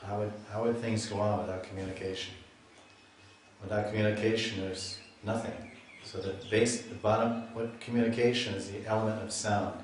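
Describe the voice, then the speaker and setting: A man lectures on scripture in a loose, chatty way, breaking off and restarting his sentences as he tells stories. His voice sits fairly low, and the echoey hall recording sounds like it was picked up from a distance. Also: level tone, normal speed, a little hiss or hum. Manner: chatty storyteller, laughs at himself, restarts often. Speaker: swami giving a scripture lecture.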